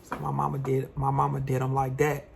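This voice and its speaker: A young man, a vlogger, tells a personal story in an animated, slangy way. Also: mid-range voice, fairly quick, vocal fry, a little hiss or hum. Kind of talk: storytime vlog.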